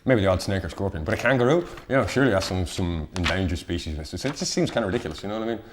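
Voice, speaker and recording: A man presenting a casual round-up of odd news stories on local TV, rambling and self-deprecating with quick asides. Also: low voice, noisy background. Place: local TV studio.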